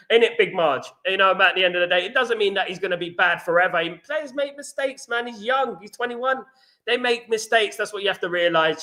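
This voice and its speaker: A man's voice: sits high, sharp tone. A man hosting a live fan stream, reading chat messages and ranting passionately, repeating himself often. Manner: passionate, ranting, repeats "you know what I mean".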